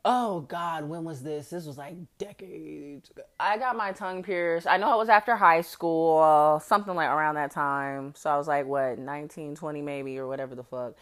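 A woman's voice: deep voice, normal speed. A woman in her forties hosting a podcast, telling a comedic story in a brash, profane way and often laughing mid-sentence. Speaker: podcast host.

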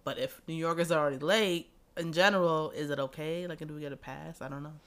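A woman as a guest in a casual chat, telling stories in a relaxed way and laughing often. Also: deep voice, fast.

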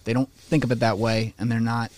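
A man talking in a casual podcast conversation, animated and opinionated, swearing freely and slipping into mocking voices for quotes. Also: mid-range voice, a little fast, dry recording.

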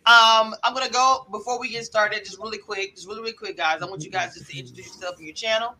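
Bright, hyped man hosting a live panel. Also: high-pitched, fairly even intonation, quick pace, a little hiss or hum. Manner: hyped, affectionate, introduces guests. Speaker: host.

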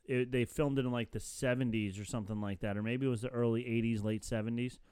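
Podcast co-host, male, animated casual talker, smooth tone, dry close mic. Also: medium pitch, quick pace, dry recording. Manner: animated, laughs often, breaks into silly voices. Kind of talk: casual chat.

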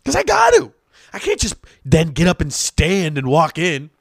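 A young adult man, a podcast host, telling a rambling, profane and excitable comic story in a casual way. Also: a little high, moderate pace, vocal fry, breathy edge, no echo, clean studio sound.

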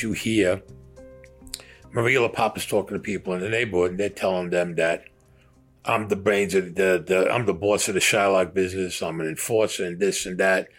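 A man's voice: deep voice, a bit bright. A man in his sixties telling his own story in a heated, profane way, acting out what others said. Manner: profane, heated, acts out quotes. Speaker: interviewee recounting his past. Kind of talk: casual storytelling.

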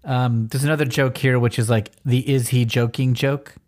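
A man's voice: mid-range voice, fairly even intonation, a little mellow. Man retelling a comic page by page. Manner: retells panels, reading out lines in quick voices. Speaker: podcast co-host. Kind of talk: casual chat about a comic.

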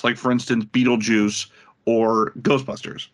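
A man's voice: mid-range voice, level tone, takes it slowly, fairly bright tone. A man co-hosting a casual podcast, telling stories in a rambling way with many fillers and getting incredulous as he goes. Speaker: podcast co-host.

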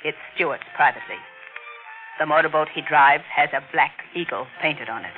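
An actor playing a cold, curt, mysterious veiled figure in black giving orders, in a 1940s-style radio drama. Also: male voice, a little high, fairly quick, natural voice. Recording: tinny old radio broadcast with music.

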